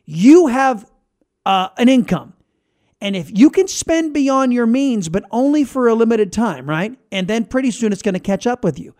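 A man's voice: extremely high pitch, expressive, normal speed, a little mellow. A man hosting a political podcast, talking in a combative, sarcastic, emphatic way. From United States. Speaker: podcast host. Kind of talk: opinionated political talk.

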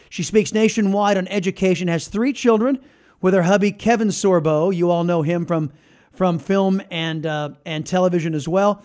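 A man hosting a political talk podcast, emphatic, slowing down to stress his points. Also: high-pitched, darkish tone. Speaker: podcast host.

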